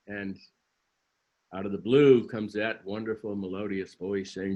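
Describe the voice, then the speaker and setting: A man's voice: lowish voice, normal speed. A man delivering a sermon as a minister, telling a story with dry humor.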